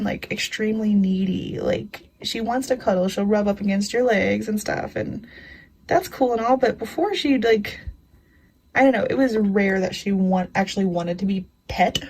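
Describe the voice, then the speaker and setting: Breathy, fairly high-voiced woman chatting. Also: a little mellow, poor audio. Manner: chatty, rambling storyteller with frequent "you know" and laughs. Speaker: craft vlogger. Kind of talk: casual chat.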